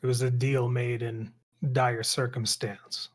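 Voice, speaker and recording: A man playing at a tabletop game, talking casually and a bit hesitantly, with a self-deprecating edge. His pitch sits at the middle for a man. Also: little pitch movement, takes it slowly. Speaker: player.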